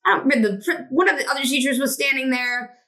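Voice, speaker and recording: This is a woman in her forties with a fairly high voice, co-hosting a podcast. She talks in casual chat and rambles through stories. She swears freely. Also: fast talker, bright, forceful tone. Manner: profane, rambling storyteller. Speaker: podcast co-host.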